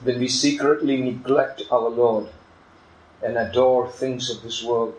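A man's voice: mid-range voice, fairly even intonation, a little slow, darkish tone, echoey room, poor audio. A man preaching a sermon in an earnest, emphatic manner, illustrating his points with a story.

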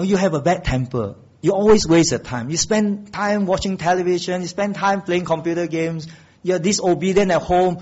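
The sermon comes through dull and lo-fi, from a man with a mid-range, slightly husky voice. He alternates loud, emphatic peaks with soft, slow emphasis on the key phrases.

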